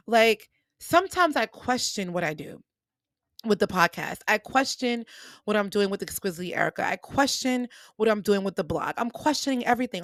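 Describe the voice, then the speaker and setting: A woman's voice: mid-range voice, dry recording. Podcast host woman telling stories. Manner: animated, acts out quoted dialogue. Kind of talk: personal storytelling monologue.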